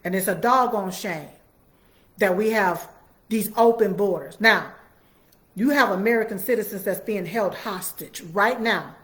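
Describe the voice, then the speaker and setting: A woman's voice: medium pitch, unhurried, fairly bright tone. A woman giving fiery, repetitive political commentary and talking straight to her viewers.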